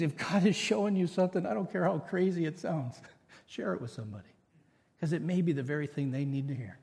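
A middle-aged man preaching a sermon in an earnest, storytelling way. His voice sits a bit high for a man. It rings out with a long hall echo in a church sanctuary. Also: a little fast, gravelly, a little mellow. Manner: earnest preaching with personal stories. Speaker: pastor.

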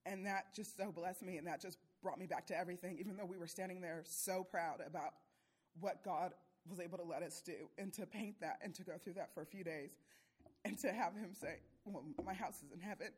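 Breathy woman giving a tearful testimony. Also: on the low side, steady tone, brisk, a little mellow. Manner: tearful, laughing between phrases. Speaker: church mission trip speaker. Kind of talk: emotional testimony.

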